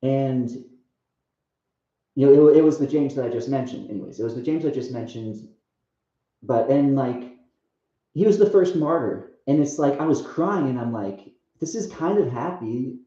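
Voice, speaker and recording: A young man tells a rambling personal story, stopping and restarting and leaning on filler words. His voice is mellow and dark. It is heard in a very echoey room through a muffled, lo-fi recording. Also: medium pitch. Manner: halting, full of restarts and "like". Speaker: speaker sharing a testimony.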